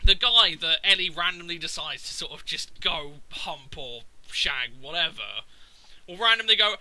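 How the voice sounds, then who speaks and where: A man's voice: on the high side, lively intonation, moderate pace, pushed and bright, no room sound, poor audio. A man, ranting casually and profanely about a video game. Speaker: gaming video maker. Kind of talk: casual rant.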